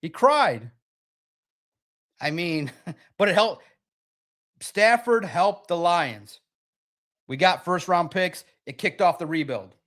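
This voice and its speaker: Live-stream sports host, male, slightly high voice, animated and sarcastic, reads chat aloud. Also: takes it slowly, long pauses.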